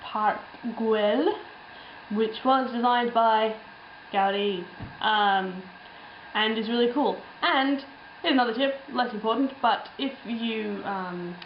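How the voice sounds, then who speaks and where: A woman's voice: on the high side, takes it slowly, roomy sound, muffled recording, slight background noise. A young woman telling a travel story in a casual, rambling way, full of ums and little laughs. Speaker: travel vlogger.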